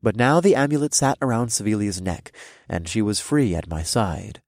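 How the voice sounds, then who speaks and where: A man reading a first-person fantasy story aloud, with expressive narration. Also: fairly low pitch, moderate pace, dry recording, clean studio sound. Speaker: audiobook narrator.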